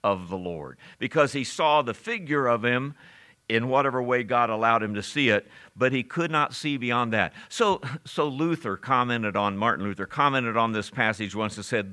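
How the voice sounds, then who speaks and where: Man preaching, bright forceful tone, stresses quoted verses slowly, talks to the congregation. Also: medium pitch. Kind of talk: expository sermon.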